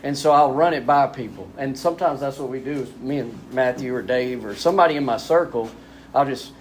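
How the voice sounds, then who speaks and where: A man speaking candidly at a spiritual retreat, animated and self-deprecating, acting out quotes as he tells his story. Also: mid-range voice, fairly quick, slight background noise.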